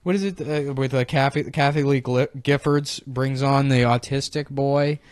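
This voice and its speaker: A man's voice: medium pitch, fairly even intonation, normal speed, a little mellow, no room sound, studio quality. A man co-hosting a comedy podcast, riffing crudely in casual chat and slipping into mocking voices. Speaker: podcast co-host.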